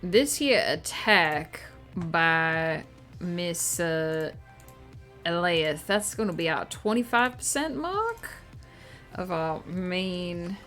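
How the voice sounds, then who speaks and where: A woman's voice: fairly low pitch, animated, drawn-out words, fairly bright tone, soft background music, exaggerated voice. A woman streamer putting on an exaggerated old-movie American Southern accent while chatting casually on a live stream, with a hammy drawl and many fillers. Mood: playful. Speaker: streamer and writer.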